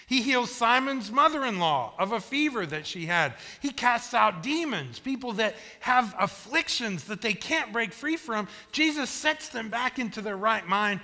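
A male pastor preaches in a folksy, storytelling way, hammering points home by repeating them. His voice sits high and sounds very bright and piercing. A long reverb rings through the church sanctuary around him. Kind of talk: sermon.

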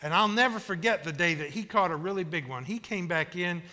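A male pastor preaches in a folksy, storytelling way, hammering points home by repeating them. His voice sits high and sounds very bright and piercing. A long reverb rings through the church sanctuary around him. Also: a little fast. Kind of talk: sermon.

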